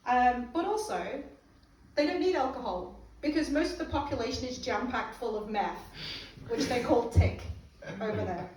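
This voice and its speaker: A woman's voice: a little high, animated, normal speed, darkish tone, a little hiss or hum. A British woman from England, a stand-up comedian telling stories on stage and laughing at her own jokes. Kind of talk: comedic storytelling. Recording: roomy live club from far off.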